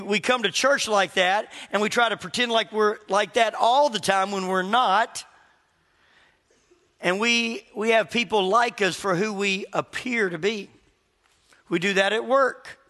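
A man with a high, bright, ringing voice preaches a sermon from the pulpit. He tells stories with lively energy and slips into other people's voices. His words ring out with a long reverb in the church. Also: moderate pace. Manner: animated storytelling, acts out quoted voices. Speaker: pastor.

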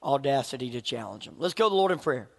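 A man's voice: medium pitch, animated, quick pace, vocal fry. A man preaching a sermon as a pastor, conversational and jokey, often restarting his phrases. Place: church sanctuary. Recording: long hall reverb.

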